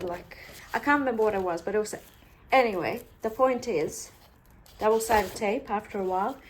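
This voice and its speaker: A woman's voice: medium pitch, a little mellow, a little hiss or hum. A woman chatting casually through a craft tutorial, talkative and playfully sarcastic.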